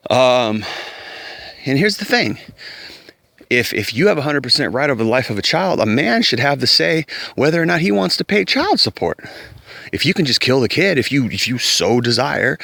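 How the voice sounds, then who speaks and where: A man's voice: mid-range voice, gravelly, fairly bright tone, no room sound. A man delivering a heated opinion rant to camera, emphatic and profane, often repeating words as he pushes his point. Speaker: vlogger.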